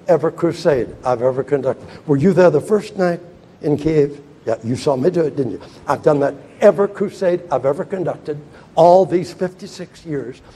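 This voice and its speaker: Older male preacher, husky, very lively delivery, storytelling sermon style. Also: fairly high pitch. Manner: animated storytelling preacher, swings from loud to hushed. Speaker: evangelist.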